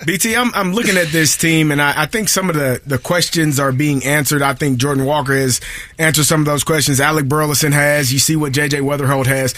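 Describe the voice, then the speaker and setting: A man's voice: a little high, steady tone, fairly quick, a bit bright, no room sound. A man hosting sports radio, setting up a question for a guest.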